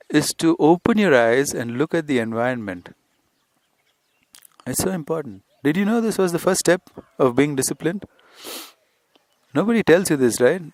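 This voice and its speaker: Out on a hillside, a man who teaches spirituality and hosts a podcast delivers an unscripted lesson in a loose, rambling way, frequently slipping in "you see." His pitch is medium and there's no room sound.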